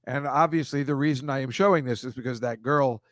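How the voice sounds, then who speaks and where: A man hosting a comedy show, talking casually and exasperated over a series of pictures, ranting with quick asides. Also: mid-range voice, a bit bright, no echo, studio quality.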